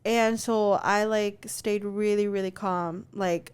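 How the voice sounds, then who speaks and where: A young adult woman co-hosting a podcast, telling a story in an animated, chatty way, full of fillers and swearing. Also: mid-range voice, slow pace, clear, resonant tone. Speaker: podcast co-host. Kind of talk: casual chat.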